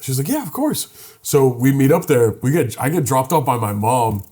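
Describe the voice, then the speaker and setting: A man's voice: medium pitch, moderate pace, mellow. A young man co-hosting a podcast, telling a story in casual chat and swearing freely. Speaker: podcast co-host.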